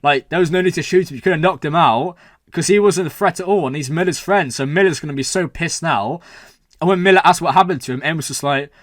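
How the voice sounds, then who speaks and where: Excitable young man, dry close sound. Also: on the high side, fast, no echo. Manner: rambling, excitable, swears, frequent "like" and "man". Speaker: reaction video host. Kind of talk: excited casual reaction talk.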